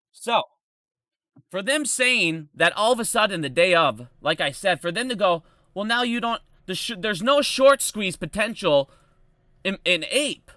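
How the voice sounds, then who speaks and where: A man's voice: high voice, bright, forceful tone, no room sound, clean studio sound. A man hosting an unscripted stock commentary video, ranting in a heated, profane way and restarting his explanations often. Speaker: stock market video host.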